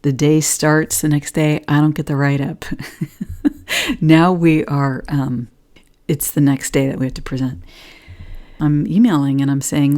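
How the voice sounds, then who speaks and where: A woman's voice: deep voice, little pitch movement, measured pace, pauses often, a little mellow. A woman vlogger giving an earnest spiritual talk and telling a personal story, at times half-whispered.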